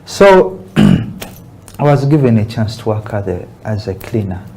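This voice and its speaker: Earnest young man, halting speech. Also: on the low side, very animated, warm tone, slight background noise. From Uganda. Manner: earnest, halting, with frequent restarts. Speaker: barista guest. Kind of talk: casual interview.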